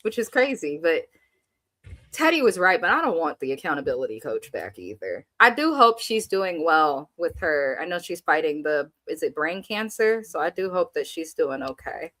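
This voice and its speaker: A woman's voice: deep voice, sing-song, moderate pace, bright, forceful tone, no room sound. Sassy, blunt woman recapping reality TV. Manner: blunt, sassy, reads out viewer comments. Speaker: show co-host. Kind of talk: casual reality TV recap chat.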